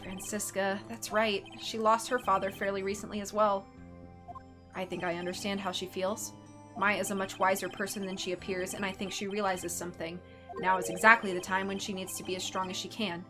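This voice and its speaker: A woman voicing a composed young male prosecutor in a measured, formal manner, as a dramatic game reading. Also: medium pitch, level tone, music in the background, close to an everyday voice. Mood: thoughtful.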